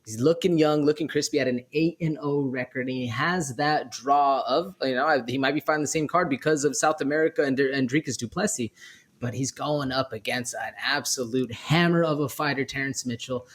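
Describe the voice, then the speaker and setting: A man's voice: mid-range voice, brisk. A young man co-hosting a sports betting podcast, easygoing and rambling as he breaks down the fights. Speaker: podcast co-host. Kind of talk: casual sports betting chat.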